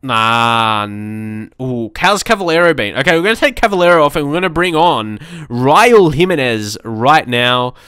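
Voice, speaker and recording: A man's voice: medium pitch, lively intonation, moderate pace, fairly bright tone, clean tone, no room sound, clean studio sound. A young man chatting casually through his gameplay, rambling and reacting aloud to the match. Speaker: let's play commentator.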